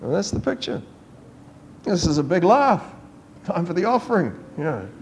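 Guy preaching, pretty high voice, tells stories and does the voices. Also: moderate pace, gravelly, noisy background. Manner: animated storytelling, acting out quoted voices with rising pitch. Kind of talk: sermon.

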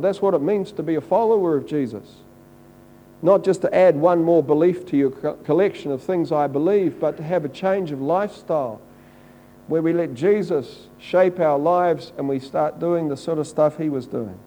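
A man's voice: on the high side, moderate pace, warm tone, low-quality recording. A man preaching a conversational, earnest sermon and quoting scripture. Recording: faint mains hum.

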